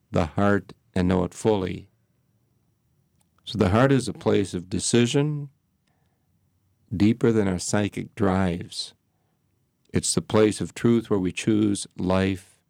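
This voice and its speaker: A man speaking as a priest, reflecting on prayer in slow, measured phrases with pauses. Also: deep voice, gravelly, a little mellow, no room sound, clean studio sound. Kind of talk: reflective spiritual talk.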